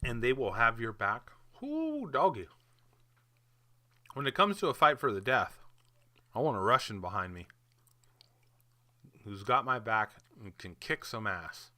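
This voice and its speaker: A man's voice: fairly low pitch, normal speed, long pauses, pushed and bright. A man casually talking his viewers through crypto market charts in a chatty, hyped, offhand way. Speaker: crypto market video host. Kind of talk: casual screen-share commentary.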